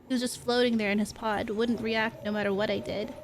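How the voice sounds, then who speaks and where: A woman gives voice to a caring male porter who talks earnestly about the babies he carries. The voice sits a touch high and stays plain rather than acted. A faint hum runs underneath. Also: level tone, fairly quick, natural voice, poor audio. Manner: reads game dialogue aloud in an earnest, plain voice.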